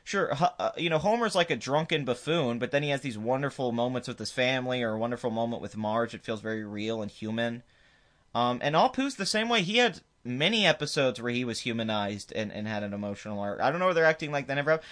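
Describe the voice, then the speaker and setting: A man's voice: medium pitch, expressive, quick pace, a bit bright. A man hosting his own commentary video, ranting emphatically and dismissively with frequent restarts. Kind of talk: opinionated commentary rant.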